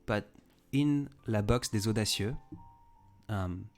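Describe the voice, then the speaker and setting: Low gravelly man. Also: slow pace, soft background music. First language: French. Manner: rambling, chatty, frequent restarts. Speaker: livestream host. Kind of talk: casual chat, reading viewer comments.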